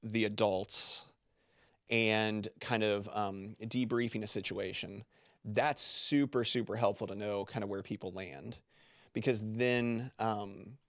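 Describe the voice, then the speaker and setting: A man's voice: fairly low pitch, steady tone, takes it slowly, a bit bright, no echo, clean studio sound. A man speaking as a guest on a podcast, in loose, rambling conversation full of filler words and restarts. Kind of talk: casual interview talk.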